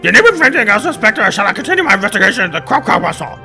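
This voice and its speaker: A man voicing a pompous, high-strung male rooster lawyer who speaks loudly and haughtily. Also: big pitch swings, rapid-fire, vocal fry, soft background music, exaggerated voice. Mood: haughty. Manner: loud, haughty, indignant.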